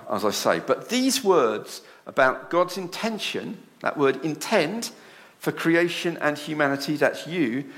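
A man's voice: fairly high pitch, a bit bright. A man preaching a sermon to a congregation in a church. He asks the room rhetorical questions and takes on dramatic voices when he quotes others.

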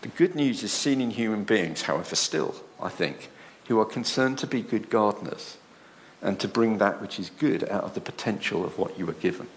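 A man's voice: on the low side, animated, normal speed, slight background noise. A man preaching a sermon to a congregation in a church. He asks the room rhetorical questions and takes on dramatic voices when he quotes others.

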